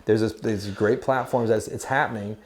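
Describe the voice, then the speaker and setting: A man's voice: fairly low pitch, fairly even intonation, normal speed. A man in his forties co-hosting a casual music chat, giggly and rambling, full of fillers and restarts. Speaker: podcast co-host.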